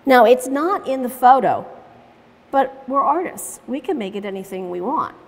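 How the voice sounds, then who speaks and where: In a big room with long, lingering reverb, a woman teaches watercolor live, narrating every stage of her painting. Her high, expressive voice moves at a moderate pace, and she tells stories with easy laughter.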